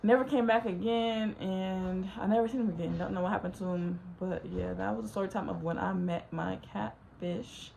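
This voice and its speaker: A young woman telling a rambling, animated story, filling it with "like.". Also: medium pitch, normal speed, creaky, hardly any pauses, a little hiss or hum. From Los Angeles. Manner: rambling, says "like" constantly, animated. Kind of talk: casual storytime.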